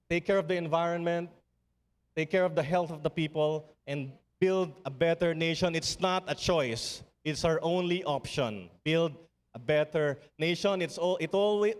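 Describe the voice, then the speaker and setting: Speaking at a summit, a middle-aged man from the Philippines delivers a keynote in a slightly high, Filipino-accented voice. He builds his earnest, stirring address around repeated refrains, and a large hall gives it a long reverb.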